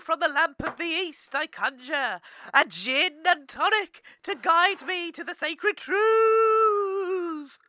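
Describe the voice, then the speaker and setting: A woman playing a blunt, bright fortune teller. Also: extremely high pitch, dry recording, exaggerated voice. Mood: mock-mystic. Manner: matter-of-fact, then mock-mystic wailing chants. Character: blunt, brutally honest female fortune teller. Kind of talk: comedy radio sketch acting.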